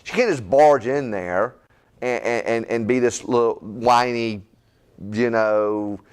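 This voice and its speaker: A man's voice: mid-range voice, slow, smooth. A middle-aged male pastor, teaching a conversational Bible-study sermon in a folksy, repetitive way. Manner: animated, folksy, repeats words and asks "right?".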